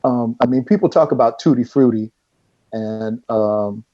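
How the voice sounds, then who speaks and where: A middle-aged man, a guest in a casual chat, telling stories in an animated way and often laughing. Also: mid-range voice, unhurried, highs cut off.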